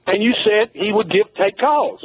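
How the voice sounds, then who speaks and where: A man's voice: sits high, moderate pace, breathy edge. Insistent older man caller on a tinny phone line. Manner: insistent, needling, repeats his point. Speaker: regular caller. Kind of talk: argumentative phone-in call.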